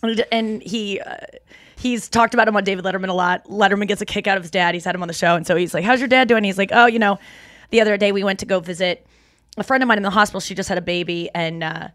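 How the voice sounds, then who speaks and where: A woman's voice: medium pitch, steady tone, fast talker, a bit bright, dry recording, clean studio sound. A woman co-hosting a podcast, ranting with animation and acting out the people she quotes. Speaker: podcast co-host. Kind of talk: casual chat.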